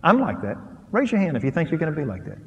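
High-voiced preaching man in a big reverberant hall. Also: quick pace, dull audio. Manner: emphatic preacher, animated delivery, swings between loud and soft. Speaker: pastor. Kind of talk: sermon on marriage to a live audience. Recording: long reverb of a large hall.

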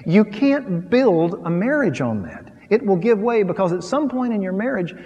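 A man preaches a sermon, shifting from quiet, low asides to loud, rising emphasis while acting out little scenes. It sounds like a big room.

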